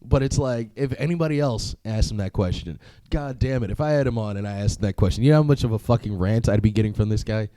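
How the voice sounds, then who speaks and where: A man's voice: fairly low pitch, quick pace, dark tone, no room sound. A young man hosting a solo podcast, talking casually in a profane, rambling way, with frequent laughs and filler words. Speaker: podcast host.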